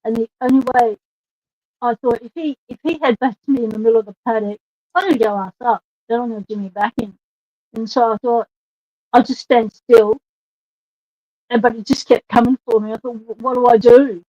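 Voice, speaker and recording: A woman's voice: on the high side, fast talker, dark tone, no room sound, highs cut off. Chatty woman telling a story. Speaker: guest. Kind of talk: casual chat.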